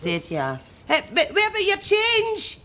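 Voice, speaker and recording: A clingy, lonely Scottish shopkeeper. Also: female voice, very high voice, wildly swooping pitch, moderate pace, very noisy, exaggerated voice. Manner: overeager, pushy, needy.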